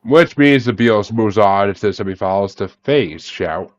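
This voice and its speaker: Over an online call, a podcast host runs a loose bracket discussion about music, naming each guest in turn and swearing without restraint. He has a lowish, animated voice at a moderate pace, and the recording is muffled.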